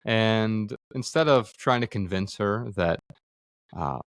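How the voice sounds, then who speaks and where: Low-voiced reflective man, dry sound. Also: slow pace, creaky, no room sound. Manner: earnest, acts out quoted dialogue, frequent fillers. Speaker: podcast guest, author. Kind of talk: reflective conversational storytelling. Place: studio room with others present.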